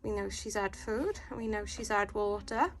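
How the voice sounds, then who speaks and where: A woman dog breeder in a casual home vlog, talking in a calm, steady, instructive way from her living room. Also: mid-range voice, normal speed.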